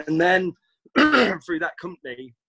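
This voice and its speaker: A man's voice: high voice, lively intonation, slow, bright, forceful tone, breathy edge. A British man from the UK, a guest telling long, rambling anecdotes in a casual chat, often acting out the lines people said to him. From United Kingdom. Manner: rambling, anecdotal, acts out quoted dialogue.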